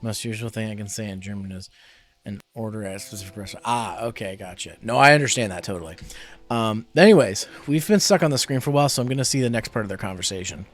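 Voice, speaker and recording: A man's voice: fairly low pitch, fast. A young adult man streaming a game, chatting casually and rambling with many fillers.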